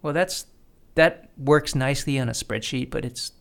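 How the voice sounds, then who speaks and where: A man's voice: mid-range voice, normal speed, vocal fry. A man hosting a casual studio conversation, explaining his opinions at length with frequent restarts. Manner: opinionated, talks in long explanatory runs with restarts. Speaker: podcast host.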